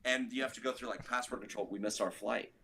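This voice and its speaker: A man's voice: mid-range voice, fairly even intonation, fast talker, sharp tone, husky. A man, a guest musician, telling a long story in a casual interview, rambling with lots of "like" and restarts.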